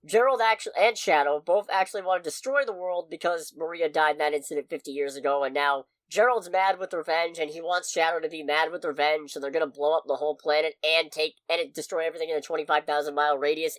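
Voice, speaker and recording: A woman co-hosting a podcast, reviewing a movie in casual chat, expressive and swearing freely. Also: sits low, quick pace, hardly any pauses, dry recording. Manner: expressive, swears freely, loud outbursts of frustration. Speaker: podcast co-host.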